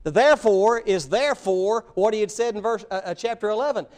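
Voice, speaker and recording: A man preaching a sermon, telling Bible stories with animated voices and speaking directly to the children. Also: high-pitched, a little fast. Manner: animated storytelling, voicing biblical figures, addressing children. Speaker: pastor.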